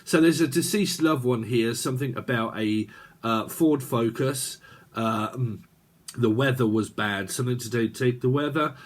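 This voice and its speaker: A man's voice: medium pitch, normal speed. A man giving a casual tarot reading, rambling from one idea to the next with many fillers. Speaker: tarot reader.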